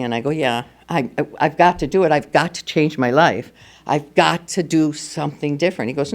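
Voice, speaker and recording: A woman's voice: low-pitched, expressive, a little fast. An older woman speaking at a recovery meeting, telling her personal story candidly and with humor. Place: meeting room at a school.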